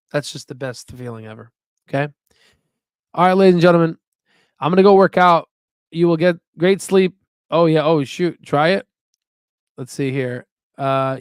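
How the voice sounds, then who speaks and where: A man's voice: medium pitch, darkish tone, no echo, clean studio sound. A young man hosting a casual investing livestream, rambling and upbeat as he reads out viewer chat. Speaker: stock investing channel host.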